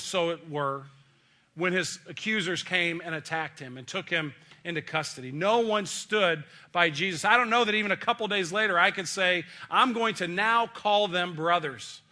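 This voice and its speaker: Bright-voiced, folksy male preacher. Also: sits high, moderate pace. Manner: folksy, joking, conversational. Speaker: pastor. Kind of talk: sermon.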